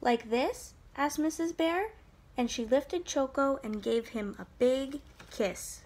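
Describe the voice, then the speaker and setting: A woman teacher reading a picture book aloud to children, in an expressive, sing-song way. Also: high voice, slow pace.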